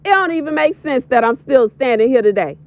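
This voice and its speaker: Emphatic high-voiced woman preaching a warning. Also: animated, a little fast. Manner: emphatic, preachy, repeats lines for stress. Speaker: prophetic video creator. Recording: dull lo-fi voiceover.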